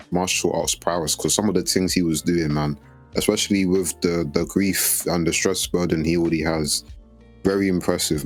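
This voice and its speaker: Very deep-voiced, laid-back man. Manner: laid-back, slangy, repeats phrases. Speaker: podcast co-host. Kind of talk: casual anime discussion.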